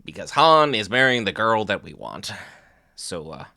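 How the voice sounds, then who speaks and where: A man giving a sarcastic, jokey, animated commentary as a reaction video host. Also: on the low side, normal speed, vocal fry, dry recording, clean studio sound.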